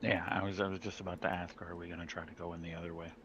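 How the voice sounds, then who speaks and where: A man playing a tabletop game over a call, chatty and quick to joke and protest. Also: deep voice, little pitch movement, a bit bright, highs cut off, slight background noise. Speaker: player. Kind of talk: casual chat while playing a tabletop game.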